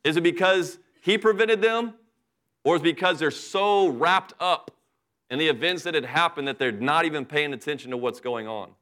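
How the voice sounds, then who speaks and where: A middle-aged man delivers a sermon in a relaxed, conversational way and speaks straight to his congregation. His voice sits a little above the usual male range. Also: fairly high pitch, moderate pace. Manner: conversational preaching, acts out Bible characters in asides. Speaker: pastor.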